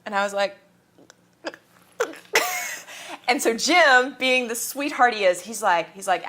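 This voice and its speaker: Lively woman telling stories in an interview. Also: fairly high pitch, takes it slowly, pauses often. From Kansas. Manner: animated, laughs often, acts out quotes. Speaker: guest. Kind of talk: casual interview storytelling.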